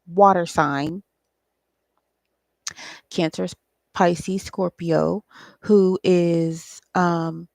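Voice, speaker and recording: A woman's voice: on the low side, fairly even intonation, drawn-out words, creaky, long pauses, darkish tone, no echo. A woman giving a casual solo tarot reading, thinking aloud in a loose, profane way with frequent ums. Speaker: tarot reader and psychic channeler.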